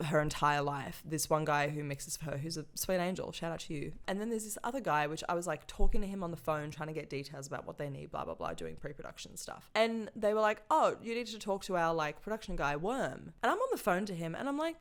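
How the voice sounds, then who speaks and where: A woman co-hosting a book club podcast, chatting casually, swearing freely and telling animated stories. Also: deep voice, fast talker, few pauses. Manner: swears freely, animated storytelling, reads passages aloud. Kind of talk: casual chat.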